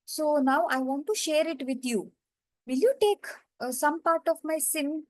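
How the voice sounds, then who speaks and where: A blunt robber who insists he steals for his family, voiced lightly by a woman narrating. The voice sits high and sounds close and dry. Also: measured pace, dry recording. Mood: pleading. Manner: plain storytelling tone, simple phrasing.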